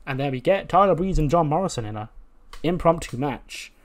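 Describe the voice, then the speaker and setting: A man's voice: on the high side, lively intonation, a little fast. A man casually narrating and commenting on his wrestling management game. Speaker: let's-play host.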